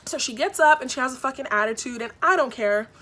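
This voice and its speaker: A young woman in her twenties vlogging a storytime, retelling events in a lively way with lots of "like" and acted-out quotes. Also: high-pitched, fast. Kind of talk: storytime vlog.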